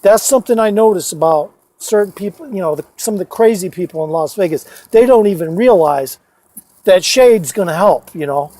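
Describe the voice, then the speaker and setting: Guy with a high voice rambling into his phone, swears a lot, lots of uh and you know. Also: animated, normal speed, dark tone, no echo. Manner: profane, rambling, many fillers and restarts. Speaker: storyteller vlogger. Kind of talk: casual rambling storytelling.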